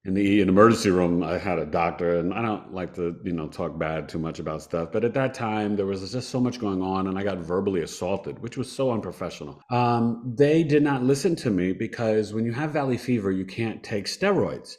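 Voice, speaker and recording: A man in his fifties, a podcast guest, telling a personal story in a conversational, animated way and laughing now and then. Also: fairly low pitch, fairly quick. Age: 50s.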